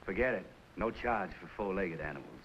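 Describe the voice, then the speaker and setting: An actor playing a friendly, good-humored country doctor with a Southern accent, speaking in an easygoing folksy drawl in 1950s TV western style. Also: male voice, sits low, expressive, fairly quick, a little hiss or hum. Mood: calm. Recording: dull old TV soundtrack with music.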